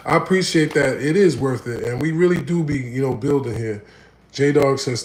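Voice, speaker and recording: A man hosting a livestream, reading viewer comments in a playful, animated, laughing banter. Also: medium pitch, normal speed, roomy sound. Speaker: livestream host. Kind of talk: casual live chat reading viewer comments.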